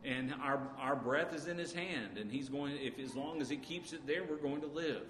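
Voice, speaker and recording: Man, preacher, sermon, halting delivery, long hall reverb, roomy sound. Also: on the high side, a bit bright. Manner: halting, many uh fillers and restarts. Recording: echoey hall with faint noise.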